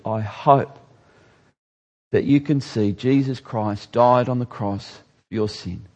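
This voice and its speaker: A man preaching a sermon in a church, with sudden loud, high rises and slow, stressed words. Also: slightly rough, muffled recording. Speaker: pastor.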